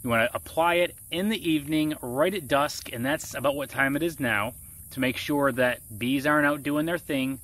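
A Florida gardening vlogger chats through an outdoor gardening demonstration in a casual how-to vlog, his voice muffled by a face mask. He walks through each step in a relaxed, conversational way, often checking in with the listener, at medium pitch and normal speed.

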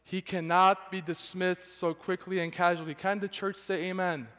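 The recording captures a man in a church sanctuary, his high, slightly bright voice fairly flat in pitch and at a normal speed. He preaches an emphatic sermon, often asking his listeners questions, with long hall reverb behind him.

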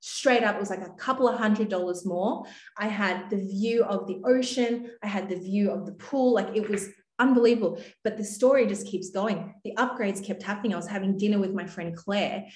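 A woman's voice: medium pitch, normal speed. Breezy young woman coach, roomy echo. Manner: enthusiastic and breezy, lots of "like" fillers. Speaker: business and mindset coach. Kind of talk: motivational talk to camera.

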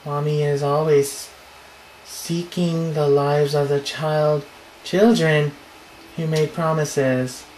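A man reading the lines of a menacing female forest monster that hunts children, in a slow, drawn-out way. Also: on the high side, flat delivery, a little hiss or hum. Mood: eerie. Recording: roomy echo.

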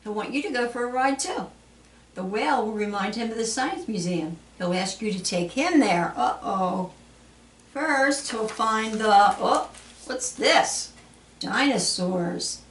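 A woman leads a children's storytime at a library, reading aloud in a sing-song, animated voice that swoops high and low. She takes her time over the words. The sound is roomy and echoey, as if picked up from across the room. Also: a little slow. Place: public library. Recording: echoey room, mic at a distance.

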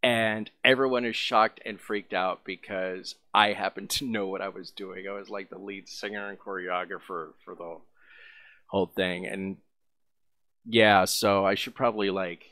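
A man's voice: low voice, steady tone, measured pace, bright, forceful tone, no room sound. A man casually telling a long, rambling story as a vlogger, full of fillers.

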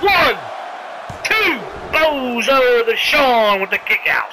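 A game commentator calling a wrestling video game play by play, excitable, sarcastic, yelling at big moves and pleading with the wrestlers. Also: medium pitch, takes it slowly, noisy background. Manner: sarcastic asides and mild swearing.

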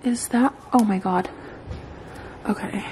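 A woman's voice: mid-range voice, slow, background noise. A woman vlogging at home on a handheld camera, slightly out of breath, chatting in a rambling way with lots of fillers. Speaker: vlogger, mom of two. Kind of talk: casual vlog chat.

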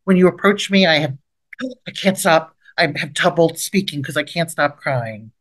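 In this training webinar, a middle-aged female trauma expert delivers an instructional lecture on mental first aid, with role-played examples. She speaks at a moderate pace in a low-pitched voice. Her lively delivery climbs sharply each time she performs one of the brief, gentle approach lines.

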